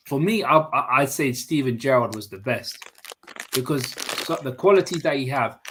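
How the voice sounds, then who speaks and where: A man's voice: mid-range voice, moderate pace, background noise. A man arguing about football on a video call, insistent and repeating himself to press his point. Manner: argumentative, repeats himself when making a point. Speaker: host. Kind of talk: casual football chat.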